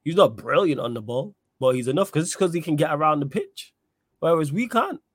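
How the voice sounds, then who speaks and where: A man's voice: on the high side, sing-song, a little fast, slightly rough, no echo, clean studio sound. A man hosting a casual football podcast, talking in an emphatic, opinionated way and repeating his points. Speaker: podcast host. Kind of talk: casual football chat with live chat readout.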